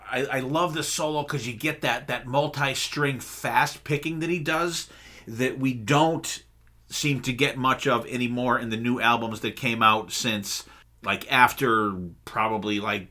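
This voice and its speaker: On a music podcast, a male co-host with a mid-range, sharp-toned voice chats casually and enthusiastically about albums. He rambles with fillers and hums guitar riffs as part of the review talk.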